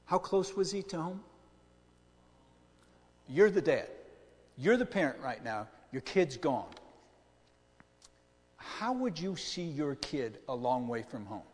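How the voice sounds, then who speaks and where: A man's voice: medium pitch, big pitch swings, measured pace, pauses often, big-room sound. A middle-aged male pastor preaching a conversational sermon, often asking the congregation questions.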